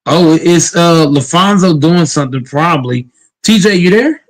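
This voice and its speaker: A man hosting a sports talk panel in a slightly higher-than-usual voice. He talks in loose, emphatic bursts, swears freely, and doubles up words as he restarts a thought. The delivery is casual and argumentative. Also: normal speed, low-quality recording. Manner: emphatic, profane, repeats words when restarting.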